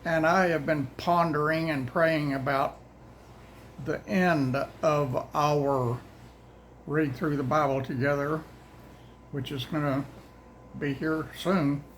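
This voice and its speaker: A man's voice: on the high side, steady tone, fairly bright tone, slight background noise, rough recording. Older man, drawl, rambling. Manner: folksy, plain-spoken, says y'all; rambling, halting, restarts often. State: out of breath. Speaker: host of daily Bible readings. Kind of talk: casual chat to viewers.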